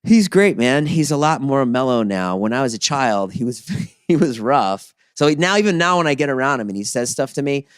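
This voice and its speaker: A man in his forties co-hosts a casual podcast and tells self-deprecating stories with lots of animation. His pitch jumps around a lot while staying mid-range overall, and his voice sounds close and dry. He plays up his reactions as he talks. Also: animated, normal speed, hardly any pauses, smooth, dry recording. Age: 40s. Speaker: podcast co-host.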